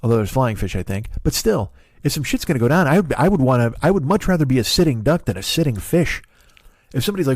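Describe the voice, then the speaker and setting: A man's voice: mid-range voice, big pitch swings, fast, a little mellow, no room sound. A man in his forties hosting a podcast, telling a rambling comedic story, cursing freely and cutting himself off mid-thought. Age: 40s. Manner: profane, digressive, self-interrupting. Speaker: podcast host.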